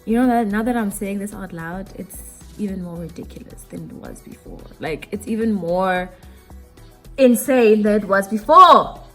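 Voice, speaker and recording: A woman's voice: medium pitch, lively intonation, moderate pace, fairly bright tone, soft background music. A young woman telling a candid storytime to her viewers while doing her makeup, casual and slangy. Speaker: beauty vlogger.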